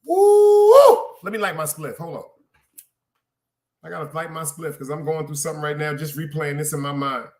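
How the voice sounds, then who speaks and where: A man ranting through a work story on his podcast, profane and animated, repeating lines for emphasis and calling out to his listeners. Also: fairly high pitch, brisk. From Brooklyn, New York. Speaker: podcast host. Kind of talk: casual storytelling rant.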